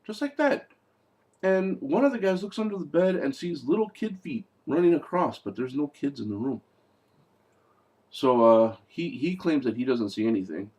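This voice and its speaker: Casual male movie reviewer, slightly high voice, animated and mocking.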